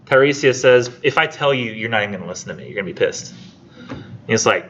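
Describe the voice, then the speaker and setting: A man with a somewhat low voice gives a casual college lecture to his class, retelling a story and acting out the characters' lines in a chatty way. The recording sounds muffled, with a little background hiss. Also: quick pace, fairly bright tone. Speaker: college English instructor.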